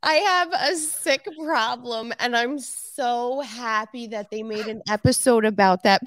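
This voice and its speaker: A woman with a fairly high voice co-hosts a podcast, chatting casually and giggling often as she talks. The recording has no room sound.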